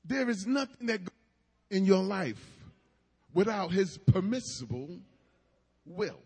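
A man's voice: high-pitched, expressive, takes it slowly, a little mellow, husky, in a large hall. A man preaching a sermon with emphatic cadence and asides to the congregation.

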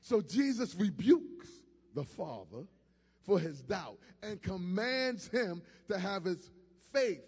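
Male preacher, high husky voice, rising to shouts, long church-hall reverb. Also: animated, takes it slowly. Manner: call-and-response, builds from quiet to shouting. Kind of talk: sermon.

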